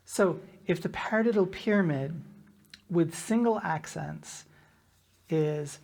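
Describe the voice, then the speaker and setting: A woman's voice: low-pitched, measured pace, gravelly, darkish tone, breathy edge. A woman teaching a drum lesson, patiently counting rhythm patterns aloud in a sing-song way. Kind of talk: instructional lesson.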